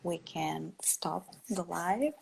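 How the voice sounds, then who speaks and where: Slow, gravelly-voiced woman interviewer. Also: lowish voice, lively intonation, a little mellow, low-quality recording. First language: Italian. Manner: slow, hesitant, reads questions aloud. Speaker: interviewer reading viewer questions. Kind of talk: live stream interview.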